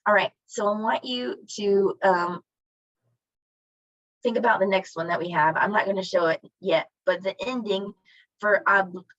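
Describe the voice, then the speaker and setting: A woman's voice: mid-range voice, a little slow, fairly bright tone, dry recording. A woman teaching a Spanish class online, asking students questions and praising their answers. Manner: encouraging, asks students questions. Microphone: video call. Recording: dull lo-fi video call audio.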